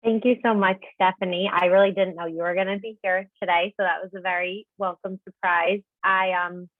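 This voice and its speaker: A woman's voice: lowish voice, flat delivery, brisk, dry recording. A young graduating woman sincerely thanking a friend, heard through tinny call audio. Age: young adult. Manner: sincere, grateful. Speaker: graduating senior. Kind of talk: thank-you remarks.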